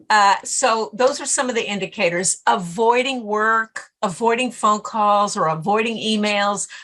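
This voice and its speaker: A middle-aged woman speaking as a podcast guest on stress management, telling stories in an animated way and acting out her own inner voice. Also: medium pitch. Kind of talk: casual interview talk.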